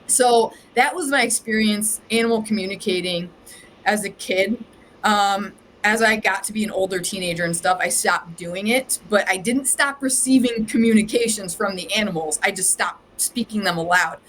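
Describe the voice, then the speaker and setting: Guesting on a podcast, an Ohio psychic medium rambles through her story in a chatty style packed with "like." She speaks at normal speed with a medium pitch and a bit of brightness, and a little hiss or hum marks the rough recording.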